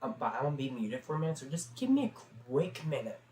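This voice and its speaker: A man's voice: medium pitch, very animated, fast, darkish tone. Chatty teenage guy rambling on stream. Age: teens. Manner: chatty, loose, full of fillers. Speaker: livestream host. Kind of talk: casual rambling storytelling. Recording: roomy sound with faint background hum.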